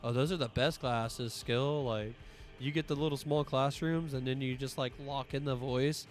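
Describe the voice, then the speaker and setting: A man's voice: mid-range voice, steady tone, normal speed. A man streaming, telling rambling, profane stories in casual chat, his voice a little strained from allergies.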